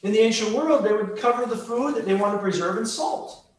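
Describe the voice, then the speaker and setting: A man's voice: high-pitched, a little fast. A man preaching a conversational sermon, teaching with everyday examples and acted-out scenes. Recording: echoey room, distant mic, faint noise.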